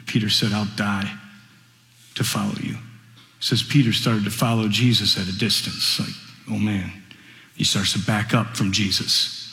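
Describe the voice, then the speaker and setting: A man preaching a radio sermon, swinging from hushed storytelling to fervent, rising delivery. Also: lowish voice, echoey room, in a large hall.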